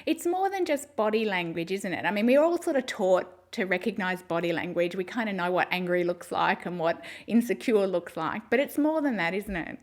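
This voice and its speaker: Woman, Australian accent, mid pitch, interviewer, thoughtful questioning. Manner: reflective, leading questions, laughs along. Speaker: host, interviewer. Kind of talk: conversational interview.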